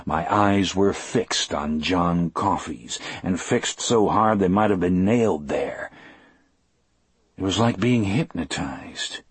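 A man narrating a first-person audiobook in a measured, expressive storytelling voice. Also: low-pitched, husky, no echo.

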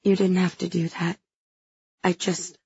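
A woman voicing a hoarse, tearful young woman. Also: on the low side, level tone, a little mellow, no room sound, highs cut off, full character voice. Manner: halting, choked with grief. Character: grieving young woman confessing a friend's death.

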